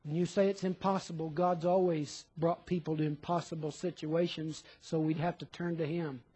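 Casting: high-pitched male preacher, sermon delivery, rhetorical questions, acts out imagined listeners. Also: level tone, moderate pace, warm tone, breathy edge, low-quality recording. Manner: questioning, quotes imagined listeners in shifting voices.

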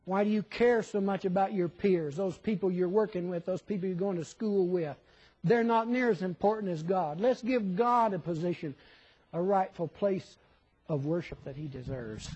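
A preacher delivering a sermon, firing questions at the congregation and quoting imagined listeners in other voices. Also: male voice, high-pitched, moderate pace, a little mellow, husky, muffled recording.

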